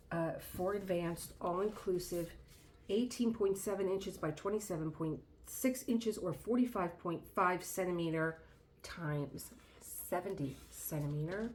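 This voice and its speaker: A middle-aged woman hosting her own craft channel, chatting excitedly through an unboxing, trailing off mid-sentence and dropping to a whisper in awe. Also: fairly low pitch, slight background noise. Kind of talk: casual unboxing chat.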